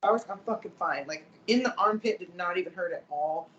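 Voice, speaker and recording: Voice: medium pitch, a little fast, fairly bright tone, reverberant, muffled recording. A podcast co-host rambling through a profane casual story. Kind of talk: casual chat.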